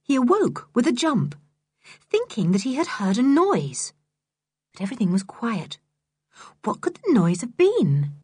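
Expressive woman storybook narrator. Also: a little high, husky, no echo. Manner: expressive, animated reading. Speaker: audiobook narrator.

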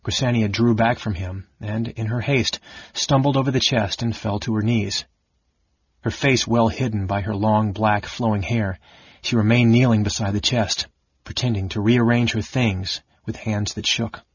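A man narrating a fantasy novel audiobook in an even, steady storytelling manner. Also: on the low side, moderate pace, breathy edge, no room sound. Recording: dull lo-fi audiobook recording.

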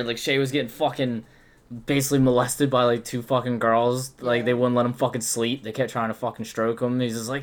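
A man's voice: mid-range voice, fairly quick. A young man telling a rowdy story in a casual chat, swearing often and acting out his friends' lines. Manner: swears constantly, animated when quoting friends.

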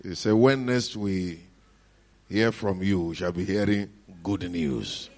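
Man, Nigerian accent, low pitched, preacher, lively storytelling, middle-aged. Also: slow pace. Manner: animated storytelling with frequent laughs and hallelujahs. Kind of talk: sermon testimony.

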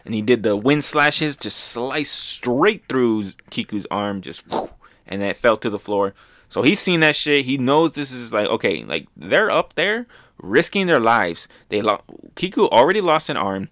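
A man hosting a manga review show, recapping chapters in a loose, excitable way, swearing freely and filling gaps with "um" and "like". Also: medium pitch, dry recording, studio quality.

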